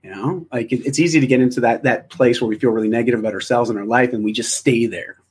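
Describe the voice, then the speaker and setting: Male guest, husky mid voice, thoughtful and encouraging. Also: mid-range voice, fast, a little mellow. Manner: reflective, encouraging, frequent restarts. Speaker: interview guest. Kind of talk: casual interview chat.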